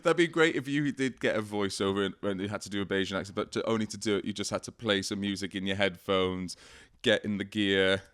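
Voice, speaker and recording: A man's voice: on the low side, fast, fairly bright tone, smooth. A Welsh man hosting a casual comedy podcast, chatty, laughing often and swearing freely. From Wales. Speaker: podcast host.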